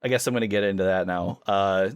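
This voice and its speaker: A man's voice: sits low, fast talker, smooth, no room sound, dull audio. Eager man chatting on a dry mic. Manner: enthusiastic, acts out quotes in shifting voices. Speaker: podcast co-host. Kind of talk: casual chat.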